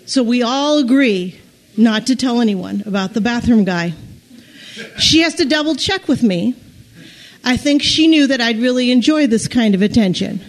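A woman tells a personal story aloud in a fairly high voice. She speaks haltingly, starting sentences over and over and breaking into small nervous laughs. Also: expressive.

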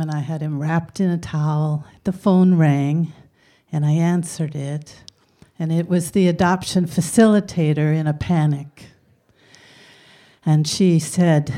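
An older woman telling a personal story in a gentle, reflective way. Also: fairly low pitch.

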